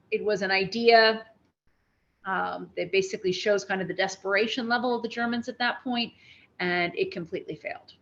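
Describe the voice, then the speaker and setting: Lively woman lecturing on history. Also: medium pitch, lo-fi sound. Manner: lively storytelling with restarts and asides.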